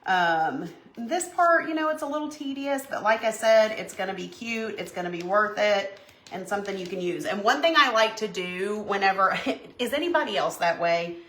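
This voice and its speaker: A woman's voice: medium pitch, expressive, moderate pace, fairly bright tone. A woman hosting a live craft show, chatting and laughing as she works. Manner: chatty, laughs often, says y'all. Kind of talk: casual live craft chat. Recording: echoey room.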